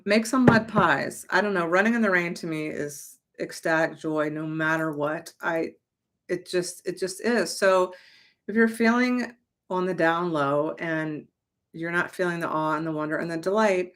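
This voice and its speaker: A young adult woman with a slightly low voice talks casually and emphatically as a manifestation coach. She is chatty, swears lightly and now and then breaks into loud exclamations. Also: a little slow. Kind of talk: casual motivational talk to camera.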